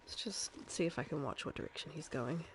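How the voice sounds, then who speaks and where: A young woman from New Zealand with a softened New Zealand accent, chatting casually and rambling with many fillers as she streams a game. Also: sits low, quick pace, a little hiss or hum. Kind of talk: casual live game commentary.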